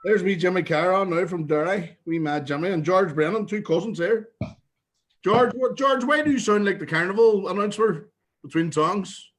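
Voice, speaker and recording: A man's voice: high-pitched, lively intonation, normal speed. A man, hosting a casual podcast with blunt, sweary banter. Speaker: podcast host. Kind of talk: casual chat.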